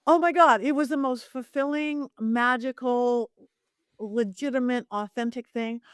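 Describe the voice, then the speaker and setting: A woman's voice: a little high, a little slow, clean tone, dry recording, studio quality. A middle-aged woman, a psychic medium guest, telling stories animatedly and acting out the voices in them. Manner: animated, acts out voices in her anecdotes. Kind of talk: lively storytelling interview.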